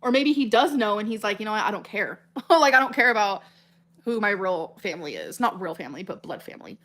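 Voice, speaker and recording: A woman's voice: mid-range voice, lively intonation, a little fast, fairly bright tone. A woman in her thirties chatting casually on a livestream, reading comments and rambling earnestly, often stumbling over her words. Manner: emotional and earnest.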